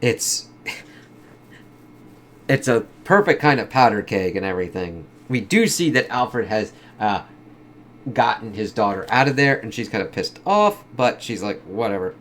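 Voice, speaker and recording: A man's voice: on the low side, animated, measured pace, a bit bright, slight background noise. A man giving a casual comic book review, swearing a lot and filling his talk with "kind of" and "like.". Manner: casual, heavy swearing, lots of fillers like "kind of".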